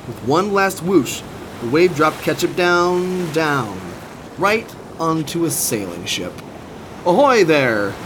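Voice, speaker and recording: A man reading a children's storybook aloud, expressive and sing-song. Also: a little high, takes it slowly. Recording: steady background noise.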